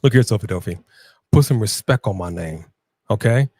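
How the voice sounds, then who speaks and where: In a dry recording, a man with a lowish, dark, husky voice speaks expressively at a moderate pace. He's co-hosting a casual live watch-along stream from Los Angeles, upbeat as he greets viewers by name and hypes the chat.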